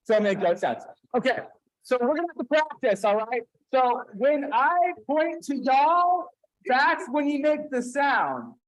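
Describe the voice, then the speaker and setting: A man leading a holiday service, coaxing the congregation into a playful story with quick, encouraging back-and-forth. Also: very high voice, lively intonation, fairly bright tone, poor audio. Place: dim room at a congregation gathering.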